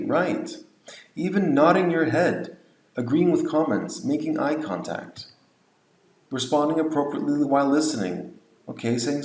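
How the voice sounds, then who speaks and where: A man's voice: mid-range voice, darkish tone, roomy sound, poor audio. A man lecturing on language teaching, explaining points and modeling example phrases. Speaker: English teacher trainer.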